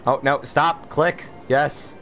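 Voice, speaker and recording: On a game livestream, a male host reads out viewer chat and replies wryly and chattily, a little tipsy after one beer. His voice sits at medium pitch with a fairly bright tone.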